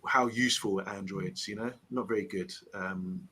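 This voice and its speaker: A man's voice: on the low side, fairly even intonation, normal speed, bright, forceful tone, breathy edge, low-quality recording. A man on a football fan panel, chatting casually and rambling off on tangents. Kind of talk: casual live-stream chat.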